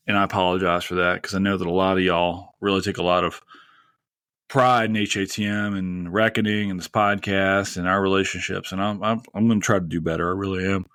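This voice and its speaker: A man's voice: low-pitched, little pitch movement, a little fast, a bit bright, smooth, dry recording. A man hosting a podcast in a casual, rambling and heartfelt monologue, close to tears. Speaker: podcast host.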